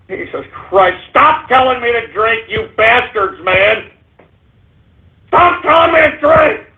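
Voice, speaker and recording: A man voicing a frantic, short-tempered male radio sidekick in a whiny, shouting rant. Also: very high-pitched, animated, slow pace, vocal fry, pauses often, heavily acted. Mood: pleading. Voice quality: whiny, shouting, exasperated ranting. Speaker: radio show regular. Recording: tinny phone-like audio.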